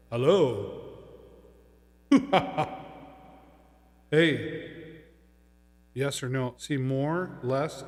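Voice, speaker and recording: A man's voice: mid-range voice, no echo. A middle-aged man hosting a live shopping stream, chatting upbeat and playful as he demos a microphone and mixer. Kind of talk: live-stream product demo. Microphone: studio microphone through a mixer.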